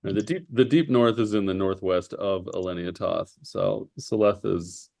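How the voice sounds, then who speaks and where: A low-pitched man serves as game master, calmly laying out names and places for his players. The sound is dry and close, with little room around him. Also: moderate pace, creaky, no room sound. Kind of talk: explaining lore at a tabletop game.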